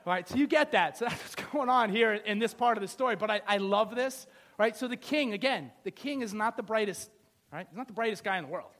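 A man's voice: high-pitched, expressive, a little fast, a bit bright, a little hiss or hum. A middle-aged male pastor preaching a sermon, telling the story with playful asides and acting out the scenes.

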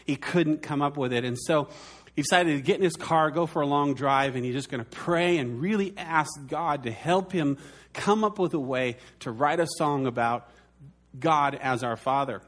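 A man in his forties, a pastor preaching a sermon in an earnest way, slowing down and dropping his voice soft for emphasis. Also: on the high side.

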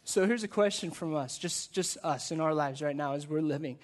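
A man with a high-pitched voice preaches a conversational sermon, stacking one rhetorical question on another. On the weighty points he drops to a soft, slow delivery. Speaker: pastor.

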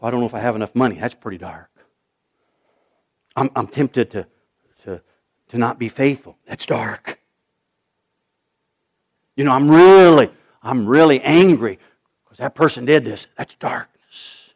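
A male pastor preaching a sermon, swinging from loud urgent shouts to hushed, almost whispered asides. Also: medium pitch, a little slow, pauses often. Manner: animated preaching, rising to shouts, dropping to near whispers.

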